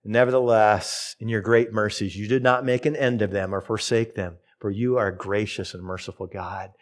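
A middle-aged man preaching a sermon, telling a personal story and reading scripture with lively, expressive delivery. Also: moderate pace. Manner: storytelling, animated with big pitch swings. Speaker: pastor.

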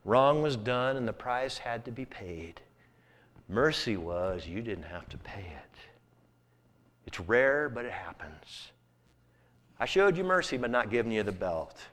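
A man's voice: mid-range voice, big pitch swings, fairly bright tone, long reverb tail. A preacher voicing a stern, firm father. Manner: firm, measured lecturing. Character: stern, loving father disciplining his son.

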